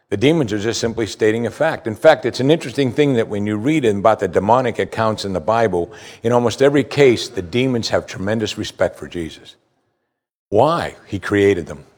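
Preaching man, emphatic and dynamic. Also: on the low side. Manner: emphatic preaching, rising and falling in volume. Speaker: pastor. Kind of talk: sermon.

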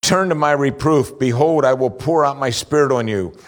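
A man preaching a sermon, reading scripture slowly and pressing his points with rising emphasis. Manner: earnest, rises in pitch for emphasis, slows for scripture reading.

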